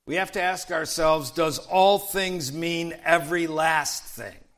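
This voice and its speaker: A man preaching a sermon in an emphatic way, quoting scripture and slowing down to stress key phrases, with calls of "Amen?" to the congregation. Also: a little high, a bit bright. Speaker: pastor.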